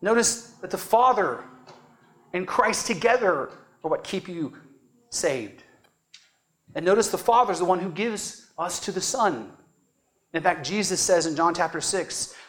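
A man with a voice sitting high delivers a teaching sermon, earnest and emphatic, stressing key words and checking in with "right?".

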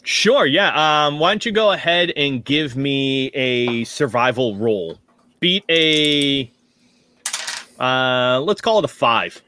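A man serving as game master, narrating a tabletop role-playing game in a relaxed, laughing way. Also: mid-range voice, slow, a little hiss or hum.

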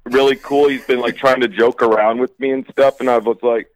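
A man's voice: medium pitch, fairly even intonation, a little fast, low-quality recording. A man telling a long story about a clash at work in casual chat, acting out what each person said and often saying "sure enough". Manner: rambling, repeats "sure enough", acts out quotes.

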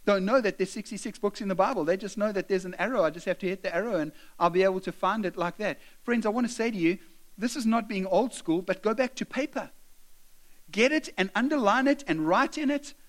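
A man's voice: high voice, brisk. A middle-aged man preaching a sermon, urging his listeners directly and slipping into conversational asides and stories.

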